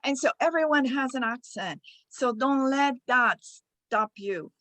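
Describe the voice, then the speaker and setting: A woman with a Spanish accent and Spanish as her first language, sharing a personal story with advice on a video call, earnest and quick to laugh. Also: sits high, fairly bright tone, no echo, low-quality recording. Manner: slow, earnest, laughs often. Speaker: speaker at a speaking club meeting.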